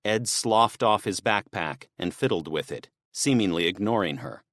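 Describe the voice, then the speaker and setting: A man narrating an audiobook in a steady, measured way. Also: low-pitched, dry recording, clean studio sound. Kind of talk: scripted narration.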